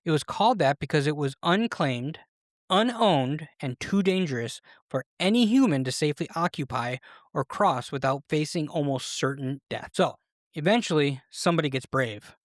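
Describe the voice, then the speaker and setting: A podcast host narrating history with a playful, animated storytelling manner at a middle pitch. The sound is dry and close, with no room echo. The delivery feels scripted but lively. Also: normal speed.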